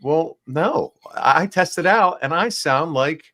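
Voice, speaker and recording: A man's voice: on the high side, expressive, takes it slowly, fairly bright tone. A man hosting a casual podcast, nasal and congested from the flu, upbeat and rambling with fillers. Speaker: podcast host. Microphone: small backup microphone.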